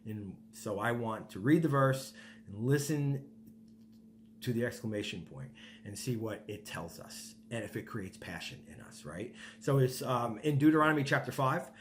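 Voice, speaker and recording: A man's voice: medium pitch, animated, normal speed. Male pastor, mid-range voice, earnest emphatic sermon delivery, faint hum on the recording. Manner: emphatic, rhetorical "right?" tags, repeats words. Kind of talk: podcast sermon.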